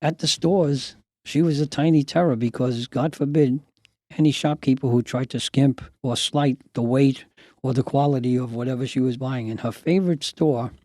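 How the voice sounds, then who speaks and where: A man's voice: medium pitch, moderate pace, no echo. Older man telling family stories. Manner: animated storyteller who acts out family anecdotes. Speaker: podcast host. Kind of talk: storytelling.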